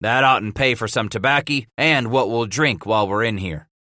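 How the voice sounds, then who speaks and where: A man's voice: medium pitch, moderate pace, sharp tone, no echo, clean studio sound, natural voice. A man voicing a commanding male trapper brigade leader who gives blunt orders.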